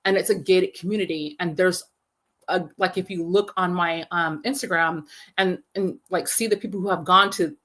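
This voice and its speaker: A woman, a film festival founder, telling stories in a casual interview, rambling and animated with many fillers. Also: fairly low pitch, moderate pace.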